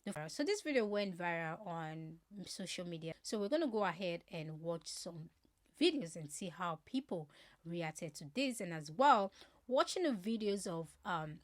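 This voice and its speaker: Woman, vlog host, casual rambling intro. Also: fairly low pitch. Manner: rambling, conversational. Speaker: video creator host.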